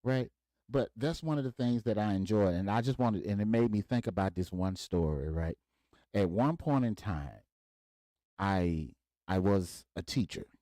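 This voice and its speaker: Voicing each character in the dialogue, a male podcast host from Mississippi, USA, tells a casual, animated story. He speaks on the low side at a moderate pace, with no echo.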